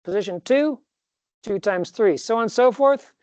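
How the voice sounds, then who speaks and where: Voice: medium pitch, animated, moderate pace, darkish tone, dry recording. A professor giving a recorded classroom lecture, rambling a little, correcting himself mid-sentence and dropping jokey asides.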